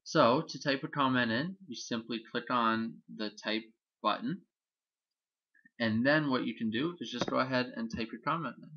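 A man, a teacher, walks through a software tutorial on screen in a relaxed explanatory way, with frequent ums. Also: mid-range voice, normal speed, highs cut off.

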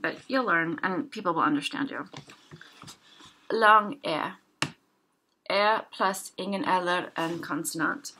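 A young woman teaching a casual language lesson, slowly sounding out example words one at a time. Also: on the low side, pushed and bright, slight background noise.

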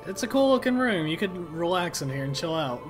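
A man's voice: fairly high pitch, sing-song, a little fast, soft background music. A man co-commentating on a game with short, laid-back remarks.

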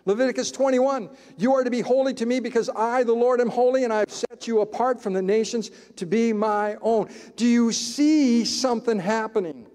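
High-voiced male pastor preaching in a hall. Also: a little mellow. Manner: emphatic, conversational preaching with dramatic pauses. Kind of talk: sermon. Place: church sanctuary.

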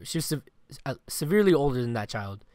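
A man's voice: medium pitch, sing-song, fast, a little mellow, no room sound. Rambling male podcast co-host, dry sound. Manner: rambling storyteller, heavy on filler words and swearing. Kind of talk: casual sports chat.

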